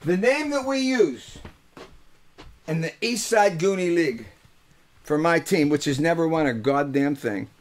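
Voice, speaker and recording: Talking slowly to a webcast audience with frequent pauses, this older Pittsburgh host and musician has a fairly high, expressive voice. The live webcast audio catches his offhand comic monologue, full of jokes, teasing, curses and filler words.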